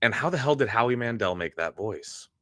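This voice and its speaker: A man's voice: on the low side, animated, a little fast, fairly bright tone. Chatty male stream host, sick voice. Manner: chatty, greets viewers by name. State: sick, slightly hoarse. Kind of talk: casual live stream chat. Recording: faint music in background.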